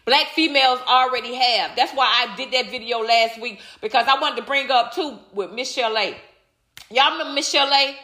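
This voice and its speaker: A high-pitched, bright woman delivers a heated casual rant, blunt and repetitive, now and then swearing. She reads out viewer comments live, and her voice bounces around a roomy, echoey space. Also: normal speed.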